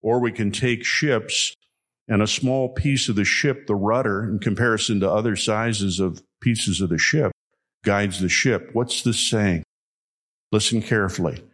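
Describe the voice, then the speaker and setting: A man giving a sermon, telling stories in a folksy way and repeating key lines slowly for emphasis. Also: lowish voice, a bit bright. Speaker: preacher.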